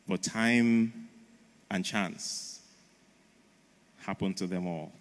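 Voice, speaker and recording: A man's voice: deep voice, drawn-out words. Emphatic man preaching in a large hall. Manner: emphatic, storytelling. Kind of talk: conference sermon. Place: large church auditorium. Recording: long reverb of a large hall.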